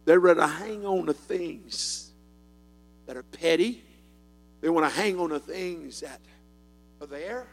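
An older man with a Southern US accent preaching a sermon in a folksy storytelling manner that builds into fervent shouting. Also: on the high side, slow pace, pauses often, soft background music. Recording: long hall reverb.

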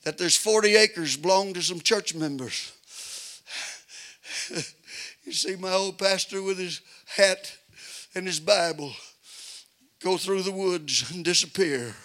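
An older man preaches a revival sermon in a high, bright voice. He tells homely stories slowly and then rises into shouting. The delivery is unhurried even at its loudest. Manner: folksy storytelling building to shouting.

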